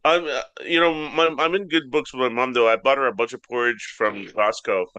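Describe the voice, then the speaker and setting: A man co-hosting a comedy podcast, telling absurd deadpan stories and squeaking up high when he quotes his mom. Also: fairly quick, smooth, no room sound, muffled recording. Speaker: podcast co-host. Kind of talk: casual comedic chat.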